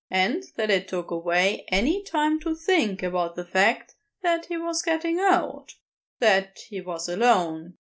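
A woman narrating fan fiction aloud with expressive storytelling. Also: medium pitch.

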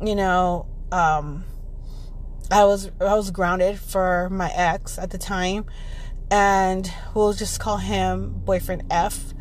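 A woman's voice: medium pitch, fairly even intonation, slow, slight background noise, poor audio. A tired woman in her thirties telling a personal story in a casual podcast monologue, rambling with lots of fillers and swearing. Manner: rambling and profane, heavy fillers. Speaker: podcast host.

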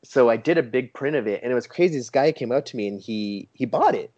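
A man chatting casually as a guest, an enthusiastic storyteller who acts out what others said in a lively, raised voice. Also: mid-range voice, fast. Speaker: toy photographer guest. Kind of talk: casual chat. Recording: dull lo-fi sound.

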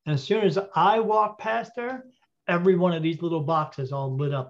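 A man telling a story as an interview guest, animated and acting out the dialogue, with frequent fillers. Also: high-pitched, moderate pace. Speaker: interview guest, intuitive reader. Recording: dull lo-fi audio.

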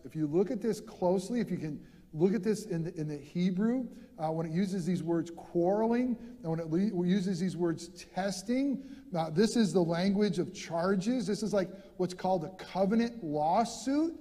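A male pastor preaching an animated sermon in a church, repeating words as he gets fired up. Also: sits high, normal speed, long reverb tail.

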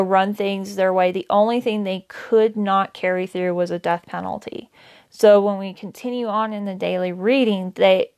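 A woman teaching a daily Bible reading in a casual, conversational way, with many fillers and self-corrections. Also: mid-range voice. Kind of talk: casual Bible study talk.

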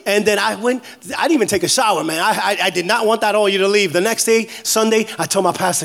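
A pastor in his forties preaches in a high, bright-pitched voice. He jokes with the congregation and shouts his declarations with energy. He is from New York. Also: fast, vocal fry, hardly any pauses. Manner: animated, joking, shouting declarations. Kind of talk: energetic sermon.

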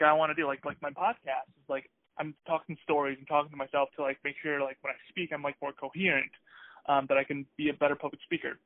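A man co-hosting a podcast chats casually in a hesitant but upbeat way, restarting often. His voice is a little high, and the recording sounds tinny and phone-like, dry with no room sound.

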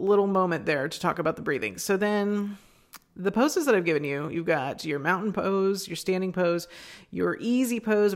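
A woman's voice: on the low side, vocal fry. A woman hosting a yoga podcast, teaching in a chatty, reassuring way with lots of fillers and asides, recorded in a small room at home. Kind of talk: casual spoken yoga lesson.

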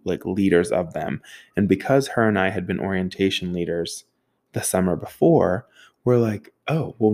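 With a low-pitched, darkish voice, a young man spins a casual, profane story, imitating other people and making sound effects while poking fun at himself.

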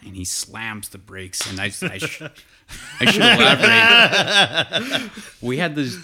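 A man's voice: fairly high pitch, sing-song, slow pace, crowd noise. A man telling a casual hunting story, rambling with fillers and restarts.

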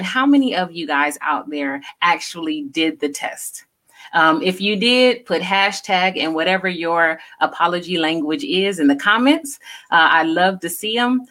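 A woman with a low voice co-hosts a relaxed talk show. She explains things earnestly, often adding "you know" as she goes. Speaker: co-host. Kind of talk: casual talk show chat.

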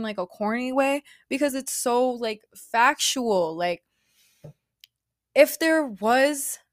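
A female spiritual speaker with a medium-pitched voice gives a casual, chatty talk, retelling a parable informally and peppering it with "like" and "bro." The recording is dry, with clean studio sound.

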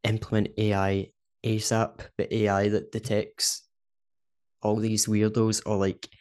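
A man's voice: on the low side, completely flat delivery, measured pace, a little mellow, clear, resonant tone. A Scottish man co-hosting a podcast in casual chat, talkative and laughing often. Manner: chatty, laughs often, says "do you know what I mean". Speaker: podcast co-host.

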